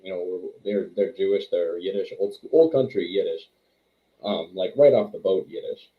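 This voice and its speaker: Low-voiced man on a tinny line. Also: normal speed. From Quebec, Canada. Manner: chatty, self-deprecating, rambling. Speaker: wrestler and trainer, guest. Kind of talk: casual interview storytelling.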